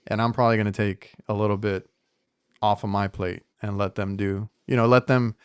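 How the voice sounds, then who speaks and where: Low smooth-voiced American man chatting. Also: flat delivery, a little fast, no echo, clean studio sound. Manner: rambling, restarts, chatty. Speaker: podcast co-host, HVAC technician. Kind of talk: casual chat.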